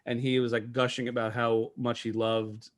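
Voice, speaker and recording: A man's voice: mid-range voice, level tone, moderate pace. Rambling New man chatting. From New York. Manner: rambling, many fillers and restarts. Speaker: podcast co-host. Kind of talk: casual chat.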